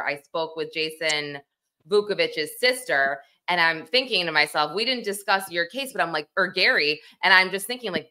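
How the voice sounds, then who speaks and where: A woman's voice: low-pitched, pushed and bright. A woman hosting a true-crime podcast, talking in a chatty, enthusiastic way with plenty of fillers. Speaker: podcast host. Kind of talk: casual interview.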